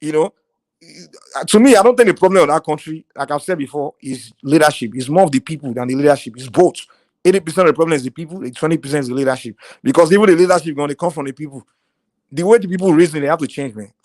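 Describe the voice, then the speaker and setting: A Nigerian man giving passionate political commentary on a live talk stream. He is animated, often restarts, and mixes in Pidgin phrases. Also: fairly high pitch, dry recording. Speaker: panel participant.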